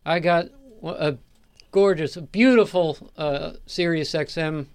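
A man who is a regular on a radio talk show, speaking softly and haltingly with many fillers. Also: fairly high pitch, clear, resonant tone. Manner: halting, soft-spoken, full of fillers. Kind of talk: casual radio show banter.

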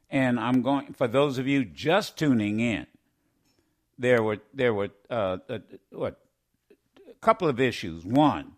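Hoarse-ish middle-aged radio host guy, rambly, lively up-and-down voice. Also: medium pitch. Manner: animated, rambling, emphatic repeats. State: slightly hoarse voice. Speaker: radio talk show host. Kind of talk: call-in radio talk.

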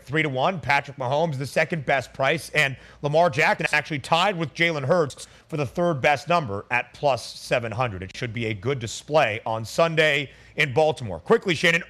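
A man hosting a sports betting radio show, briskly rattling off odds and numbers. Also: a little high, a bit bright.

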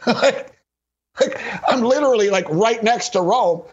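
A man's voice: high-pitched, measured pace, slightly rough. A man hosting sports radio, telling a rambling story with frequent laughs and lots of "like". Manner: rambling, laughing often, heavy use of "like". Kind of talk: casual anecdotal storytelling. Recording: dull lo-fi recording.

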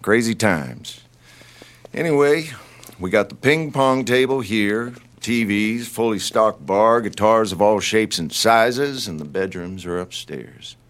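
An easygoing lake host. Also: male voice, fairly low pitch, takes it slowly, fairly bright tone. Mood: welcoming. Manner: easygoing, hospitable drawl. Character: friendly middle-aged male lake house host.

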